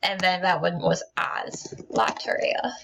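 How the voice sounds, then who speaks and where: A woman's voice: on the low side, unhurried, creaky, background noise. A woman teacher explaining grammar step by step in a recorded lesson, with frequent ums and small restarts. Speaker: Spanish teacher.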